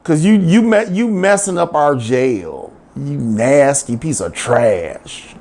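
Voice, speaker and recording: A man playing a fed-up police officer with a blunt, brusque manner. The voice has a gravelly rasp and bounces around in pitch. It stays close to the storyteller's own voice. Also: animated, takes it slowly, a little mellow, exaggerated voice.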